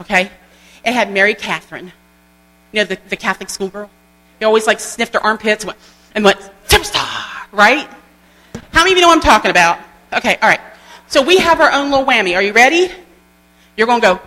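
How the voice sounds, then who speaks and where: A woman giving an animated, folksy motivational training talk to a group. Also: medium pitch, quick pace, pauses often. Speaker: sales trainer. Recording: long hall reverb with mains hum.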